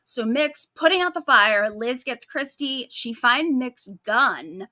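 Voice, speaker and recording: Woman podcast co-host, bright and higher-pitched, casual and sarcastic. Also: slow, no room sound, studio quality. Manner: animated, sarcastic storytelling with frequent likes. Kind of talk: casual true-crime chat.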